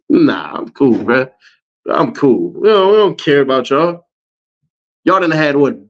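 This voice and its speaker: A man with a high, lively voice that swings all over the place. He rants in slangy bursts and laughs often. The audio is dull and lo-fi. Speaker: online commentator. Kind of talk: reacting to viewer comments.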